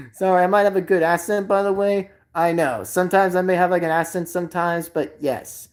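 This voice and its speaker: A woman's voice: fairly low pitch, steady tone, brisk, a little mellow. A woman hosting a live stream, chatting casually and rambling with lots of "like" and "by the way". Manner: rambling, heavy filler "by the way" and "like".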